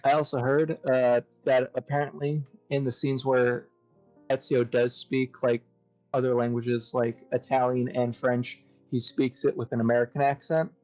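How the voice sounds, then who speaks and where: A man's voice: medium pitch, flat delivery, normal speed, darkish tone, low-quality recording. Man on a podcast, mid-range voice, rambling, cursing, faint music behind. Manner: rambling, swears freely, lots of "uh". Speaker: podcast co-host. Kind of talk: casual chat.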